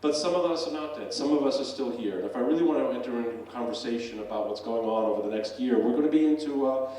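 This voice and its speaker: A man's voice: mid-range voice, fast, mellow, a little hiss or hum. A middle-aged man, a professor, gives an earnest, conversational public talk from a stage with frequent fillers. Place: stage in a hall. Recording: echoey hall, voice from a distance.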